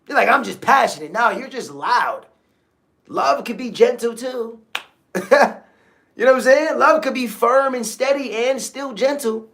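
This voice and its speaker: Speaking unhurriedly in a medium-pitched, fairly bright voice, a host offers a motivational talk on a livestream. The tone is casual, key phrases recur, and listeners are checked on regularly.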